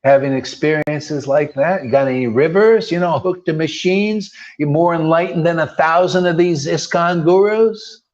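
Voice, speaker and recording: A man's voice: a little high, steady tone, normal speed, few pauses, darkish tone. A man preaching informally as a spiritual teacher, firing combative rhetorical questions and tossing in slangy "man" asides. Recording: dull lo-fi recording.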